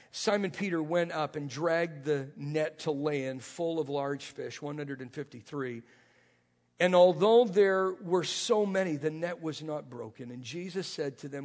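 Preacher guy, kinda husky, acts out the quotes, big echoey hall. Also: on the high side. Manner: dramatic storytelling, acting out the lines of the people in the story. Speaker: pastor. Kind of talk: sermon. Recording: long reverb of a large hall.

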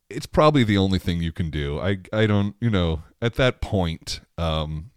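A man's voice: low-pitched, animated, normal speed, hardly any pauses, clean tone, no echo, studio quality. A man hosting a podcast in a casual solo monologue, rambling with many restarts and frequent laughter. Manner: rambling, self-interrupting, laughs often. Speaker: podcast host.

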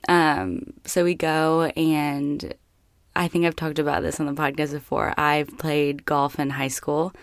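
A woman's voice: low voice, level tone, unhurried, dry recording, clean studio sound. A woman co-hosting a podcast, telling a story in casual chat, chatty and laughing, recorded in a small closet. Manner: laughing, chatty, acts out quoted lines. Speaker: podcast co-host.

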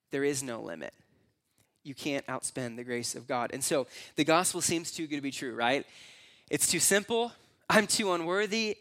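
A man's voice: on the high side, fairly bright tone. A young adult man preaching a conversational, earnest sermon as pastor, sometimes acting out voices in his stories.

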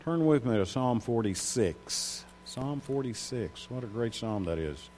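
A man's voice: medium pitch, expressive, a little slow, a little mellow, slight background noise. A man preaching a sermon, reading Bible verses aloud and stressing key words with rising emphasis.

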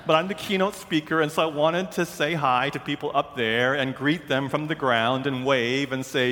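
Man, preacher, self-mocking animated storyteller, slightly high voice, long hall reverb. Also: normal speed, hardly any pauses. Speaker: pastor. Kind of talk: sermon storytelling.

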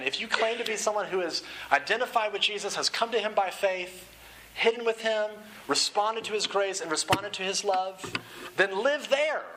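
A man in his thirties preaching a sermon to a room, telling a family story in a casual, halting way and then building to an earnest call. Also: high-pitched, noisy background. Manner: informal, storytelling with restarts, building to earnest exhortation. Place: room with an audience.

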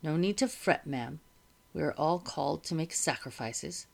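A woman reading aloud, voicing a smooth, condescending male officer of the revolutionary army, with a low gravelly voice. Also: animated, normal speed, heavily acted.

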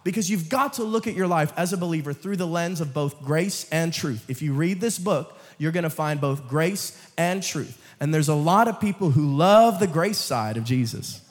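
Young male preacher, joking and then forceful, somewhat high voice, recorded with long hall reverb. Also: lively intonation, moderate pace, hardly any pauses. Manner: swings from low, quiet asides to loud, emphatic calls; jokes with the congregation and laughs. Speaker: guest preacher. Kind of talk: sermon. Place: church sanctuary.

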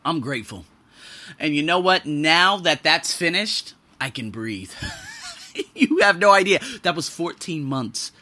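A young man hosts his podcast solo in a loose, animated monologue. His voice sits high and sounds very bright and sharp. He cusses freely and swings from loud outbursts to low grumbles. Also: a little slow. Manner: animated, profane, swings between shouting and muttering. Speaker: podcast host.

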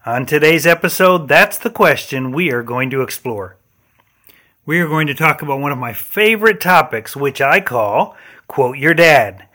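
Bright-voiced male podcast host. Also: a little high. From Michigan, USA. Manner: earnest storytelling with occasional restarts. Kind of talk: solo podcast monologue on faith and leadership.

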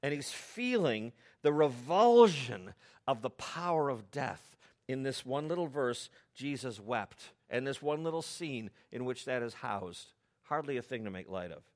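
A middle-aged man from the United States preaching a sermon, telling stories in a conversational way with animated asides. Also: medium pitch, measured pace. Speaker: pastor.

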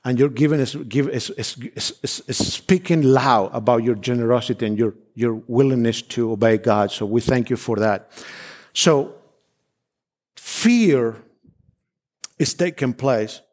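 A man's voice: mid-range voice, darkish tone. A man from Argentina preaching in a middle-range voice. He gives fervent, emphatic declarations, often repeating himself. His phrasing has frequent restarts and non-native turns. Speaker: visiting missionary preacher. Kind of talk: sermon with personal testimony.

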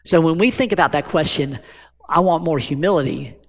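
A man's voice: fairly high pitch, a little fast, vocal fry. A man preaching a sermon as pastor, talking conversationally and asking the congregation rhetorical questions. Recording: long hall reverb.

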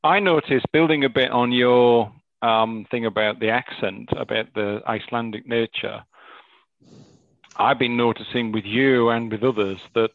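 A man's voice: medium pitch, fairly even intonation, measured pace, no echo, narrow, tinny audio. A man with a Northern English accent talking reflectively as a coach, hesitant and full of restarts. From Northeast England. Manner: hesitant, many restarts and fillers. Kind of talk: reflective conversation.

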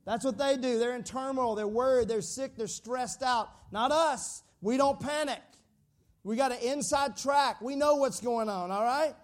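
A fairly high-voiced man preaching. He jokes with the congregation, calls on them to repeat his words back, and keeps the sermon lively and conversational. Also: measured pace. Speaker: pastor.

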